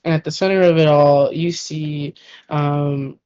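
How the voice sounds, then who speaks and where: Low-voiced woman running a tabletop game. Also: steady tone, unhurried, warm tone, clean tone. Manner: rambling, lots of fillers and swearing. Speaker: game master. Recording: dull muffled audio.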